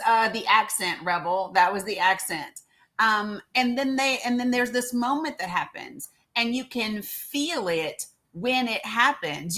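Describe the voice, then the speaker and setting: A woman with a fairly high, somewhat bright voice runs a live social audio stream, talking casually with her audience. She addresses listeners by name and leans on many fillers.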